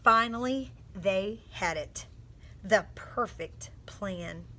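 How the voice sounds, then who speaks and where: Slow, bright-voiced woman teacher. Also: medium pitch. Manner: expressive storytelling with phonics coaching. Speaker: teacher reading aloud. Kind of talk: read-aloud lesson for young children.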